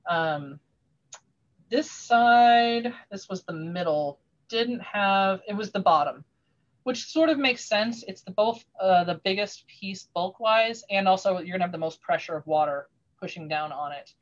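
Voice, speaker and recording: A woman telling a long animated story in a casual chat, rambling with many restarts, heard over a video call. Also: medium pitch, measured pace, lo-fi sound. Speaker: craftsperson sharing her work on a video call.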